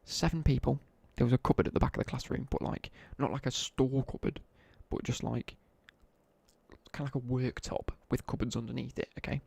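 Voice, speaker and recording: Gravelly young British man chatting on stream. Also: mid-range voice, flat delivery, a little fast, a little mellow, no room sound. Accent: British English. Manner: chatty, laddish anecdotes with slang, asides while gaming. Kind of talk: casual live-stream storytelling.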